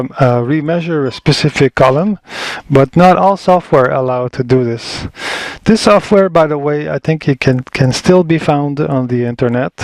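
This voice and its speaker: A man speaking on the high side leads a casual step-by-step tutorial on color management, recorded on screen and through a camera mic in a small indoor workspace. The recording is dry, and he thinks aloud with frequent fillers and restarts.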